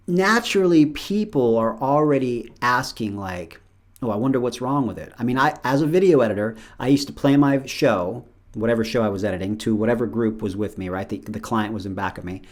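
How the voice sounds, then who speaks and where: Chatty man acting out little dialogues. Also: lowish voice. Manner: chatty, acts out dialogue with playful voices. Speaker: show host. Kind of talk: casual solo monologue.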